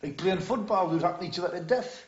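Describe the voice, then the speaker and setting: A crude, blunt bricklayer, played by an actor in an old TV drama. His voice sits fairly high and echoes in a roomy space, and the audio is dull. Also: brisk, slight background noise, natural voice. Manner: crude, bigoted. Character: coarse, blunt northern bricklayer.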